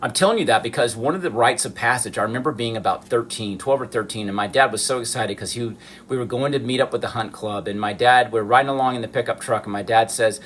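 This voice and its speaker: A man's voice: medium pitch, fast talker, fairly bright tone, slight background noise. A man from the southern United States who chats earnestly and animatedly to viewers during a live stream. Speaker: miniature artist hosting a live stream. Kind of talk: casual livestream chat.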